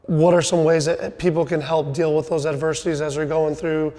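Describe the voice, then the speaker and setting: Middle-aged man, podcast host, coaching tone, slightly high voice, reverberant room. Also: level tone, brisk, mellow. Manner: coaching, fond of "right?" and "you know". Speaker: podcast host, sales team leader. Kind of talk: casual podcast interview.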